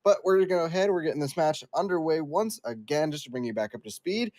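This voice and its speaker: A man casting a live esports match, talking quickly through play-by-play and analysis in a chatty, easygoing way. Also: fairly high pitch, expressive, a little mellow, dry recording. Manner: talkative, quick asides, apologetic host patter. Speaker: esports caster.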